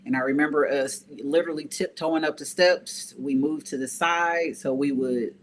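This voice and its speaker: A woman's voice: low-pitched, steady tone, normal speed, a little hiss or hum. Woman, interview guest, personal testimony, earnest, repeats phrases for emphasis, conversational fillers.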